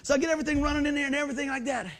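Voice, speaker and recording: Preacher guy telling a story, high voice, acts out all the lines. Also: racing. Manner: animated storytelling with acted-out quotes. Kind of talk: storytelling sermon.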